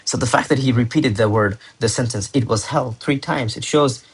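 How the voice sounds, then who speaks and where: A man's voice: mid-range voice, moderate pace, slightly rough. A young man explaining English exam techniques in a chatty, informal way, often correcting himself and using slang. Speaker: English tutor. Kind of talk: casual teaching explanation.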